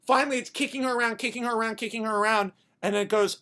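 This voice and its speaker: A podcast host pitching a story idea in a comedic, rambling way, profane and animated. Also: rapid-fire.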